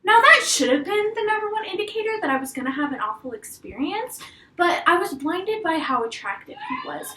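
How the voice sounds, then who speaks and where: Young woman, high voice, lively swooping delivery, crude storytime vlog, webcam mic, echoey room. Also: a little fast, slight background noise. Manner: animated, profane storytelling with acted-out quotes. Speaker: vlogger.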